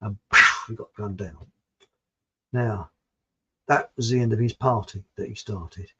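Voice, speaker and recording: Speaking a little slowly in a low-side voice, a man hosts his own channel over heavy background noise. The recording is dull and lo-fi, and his opinions come out blunt and digressive, with frequent restarts and some mild swearing.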